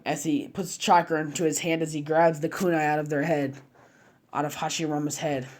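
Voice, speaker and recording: A man's voice: on the high side, flat delivery, a little fast. A man narrating a fan-made story casually, chaining run-on clauses with slang and fillers.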